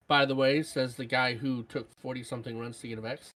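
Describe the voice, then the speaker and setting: A woman co-hosting a gaming podcast, reading out listener comments in casual chat and breaking into excited shouts. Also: a bass voice, fairly quick, hardly any pauses. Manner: animated, jumps to excited shouts. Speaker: podcast co-host.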